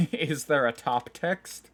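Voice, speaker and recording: A man's voice: on the high side, slow pace. Chatty self-mocking male streamer. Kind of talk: casual live game commentary.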